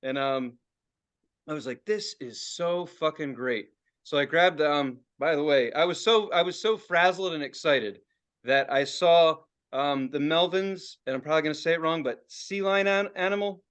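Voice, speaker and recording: A man's voice: fairly high pitch, normal speed, clean tone. A man hosting a podcast, telling a story in casual chat and cursing a lot. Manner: animated, profane storytelling. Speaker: podcast host.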